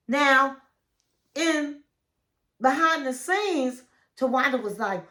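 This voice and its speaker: A woman's voice: high-pitched, lively intonation, takes it slowly, pauses often, pushed and bright. A woman hosting a casual reality TV recap, telling the story in a chatty, gossipy way and acting out what people said. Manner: chatty, gossipy storytelling that acts out quoted lines.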